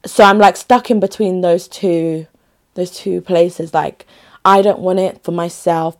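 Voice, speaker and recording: Chatty woman with a lowish voice. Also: little pitch movement, unhurried. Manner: chatty and emphatic, often restarting phrases. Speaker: vlogger. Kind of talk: casual talk to camera.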